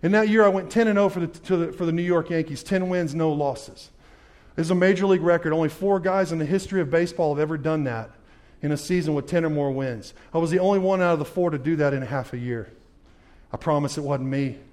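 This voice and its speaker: High-voiced man preaching his testimony. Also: quick pace. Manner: emphatic storyteller, addresses the audience directly with questions; swings from low and quiet to loud and fired up. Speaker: former pitcher giving a faith testimony talk. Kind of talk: testimony talk to a live audience.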